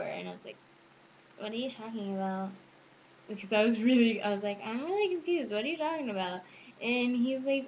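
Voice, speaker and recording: A woman's voice: fairly high pitch, moderate pace, a little hiss or hum, rough recording. Chatty giggly teenage girl. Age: teens. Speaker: student vlogger. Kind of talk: casual chat to camera.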